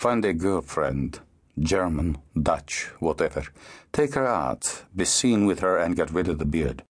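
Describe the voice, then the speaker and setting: A man's voice: low voice, expressive, measured pace, breathy edge, heavily acted. A man voicing a stern, worldly middle-aged uncle who questions and commands in a dry, probing way.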